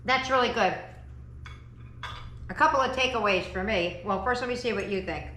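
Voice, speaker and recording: A woman's voice: medium pitch, normal speed, bright, forceful tone, roomy sound, slight background noise. A woman hosting a casual home cooking vlog from her dining table, upbeat and chatty as she gets her family to taste the meal. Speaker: cooking channel host.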